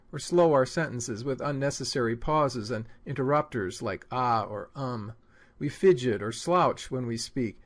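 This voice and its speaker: A man giving a scripted, measured lesson on delivering sermons. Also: mid-range voice. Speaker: homiletics teacher. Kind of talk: scripted instructional narration.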